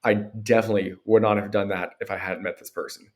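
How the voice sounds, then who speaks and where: A man from Pennsylvania with an American accent, a podcast guest telling stories in a relaxed way and acting out quotes. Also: fairly low pitch, fast. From Pennsylvania, USA. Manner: relaxed storytelling with acted-out quotes. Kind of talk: casual conversational interview.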